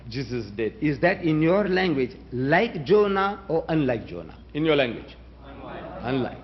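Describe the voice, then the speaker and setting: Emphatic man debating. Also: high-pitched. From South Africa. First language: Gujarati. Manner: emphatic, rhetorical, challenges the audience with questions. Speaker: debate speaker. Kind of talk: public debate address. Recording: dull lo-fi recording.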